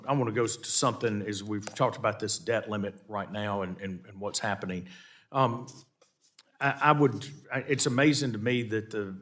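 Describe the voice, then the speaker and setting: Low-voiced Southern man questioning witnesses. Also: a bit bright. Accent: American Southern. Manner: halting, repeats words, pointed questions. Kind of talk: committee hearing questioning.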